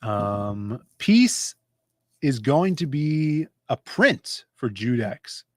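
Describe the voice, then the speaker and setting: A man's voice: mid-range voice, big pitch swings, drawn-out words, a little mellow, no room sound, clean studio sound. A man hosting a comics livestream in casual chat, chatty and jumping from topic to topic. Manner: chatty, jumps between topics.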